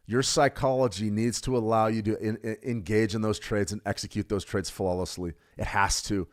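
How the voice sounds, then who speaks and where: A middle-aged man hosting a live trading psychology workshop, speaking emphatically and repeating his points directly to viewers. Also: fairly low pitch. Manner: emphatic, repetitive, direct exhortations. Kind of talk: live workshop talk to traders.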